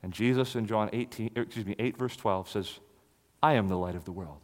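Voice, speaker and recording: A man preaching an expository sermon, swinging from loud declaration to hushed near-whisper. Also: on the low side, a little fast, in a large hall.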